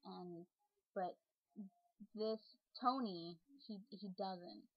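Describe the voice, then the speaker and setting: A young woman talks to her followers in a loose, rambling way, leaning on fillers and restarting her sentences. Her voice sits at an ordinary pitch and sounds dry and close. The webcam audio is dull and lo-fi. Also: drawn-out words, no echo. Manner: chatty, many fillers and restarts. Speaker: vlogger and online role-player. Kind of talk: rambling casual monologue.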